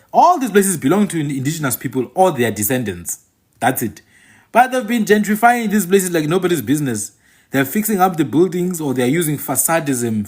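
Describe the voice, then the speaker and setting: A South African channel host delivers an opinionated monologue to his viewers, repeating phrases for emphasis. He's a man with a fairly high-pitched, husky voice.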